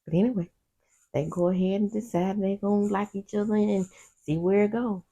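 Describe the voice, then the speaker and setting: A woman's voice: mid-range voice, fairly even intonation, brisk, warm tone. A woman doing a casual TV recap vlog, sassy and talking back at the characters, with personal side stories. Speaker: TV recap host.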